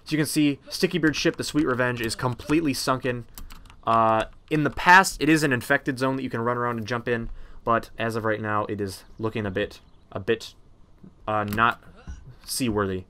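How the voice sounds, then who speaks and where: A man's voice: medium pitch, steady tone, normal speed, bright, forceful tone, smooth. A man casually narrating a game walkthrough, chatty and rambling with many ums and uhs. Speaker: gameplay narrator.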